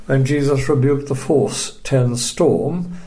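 A man teaching a recorded Bible study lecture, measured and emphatic, dryly dismissive of opposing views. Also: mid-range voice, mellow.

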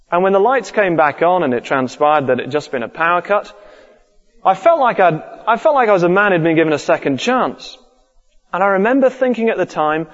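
A man preaching a sermon earnestly, repeating his key points. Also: high voice. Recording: dull lo-fi recording with long hall reverb.

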